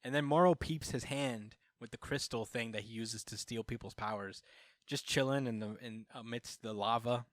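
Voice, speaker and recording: A podcast co-host with a mid-range voice talks at normal speed, recorded with studio quality and no room sound through a podcast mic. He chats casually while recapping a comic chapter, voicing the characters' lines amid laughter.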